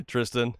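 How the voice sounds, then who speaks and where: Male gamer streamer, casual joking play-by-play, stumbles over sentence starts, slow delivery. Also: medium pitch, fairly bright tone, no room sound, clean studio sound. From New England, USA. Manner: chatty and joking, repeats words when starting sentences. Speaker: livestream gamer. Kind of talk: casual gameplay commentary.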